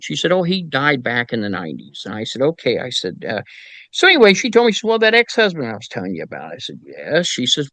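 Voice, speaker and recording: Here a middle-aged paranormal investigator from Indiana, US, chats through stories in a brisk, mid-range voice with no echo. Lively and anecdotal, he mimics quoted speakers, and his speech is full of fillers and restarts.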